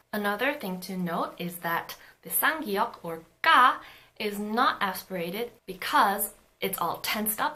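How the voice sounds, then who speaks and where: A woman teaching a Korean pronunciation lesson, explaining patiently and clearly and sounding out example syllables. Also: mid-range voice, sharp tone.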